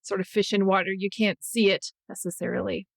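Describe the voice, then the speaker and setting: Reflective woman host with a gravelly voice. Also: medium pitch, brisk, a little hiss or hum. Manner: thoughtful, searching, thinks aloud. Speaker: podcast host. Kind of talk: conversational interview.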